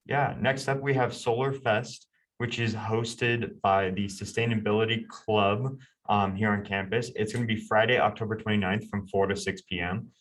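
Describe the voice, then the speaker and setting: Man, low voice, co-host, hesitant, hedging announcements, distant from mic. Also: steady tone, moderate pace, a bit bright. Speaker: town hall co-host. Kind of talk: casual announcements.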